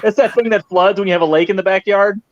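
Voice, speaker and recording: A man's voice: high-pitched, steady tone, quick pace, dry recording. Jokey man in his forties on a dull call line. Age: 40s. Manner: jokey, easygoing. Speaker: guest prop and mask maker. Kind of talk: casual video-call interview. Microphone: video call. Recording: dull, dry video-call audio.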